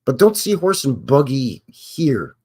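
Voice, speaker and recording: Man, middle-aged, casual livestream host, rambling chatty talk, lively up-and-down pitch. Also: takes it slowly, breathy edge. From Canada. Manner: rambling, chatty, greets chat viewers by name. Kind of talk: casual live commentary over old footage.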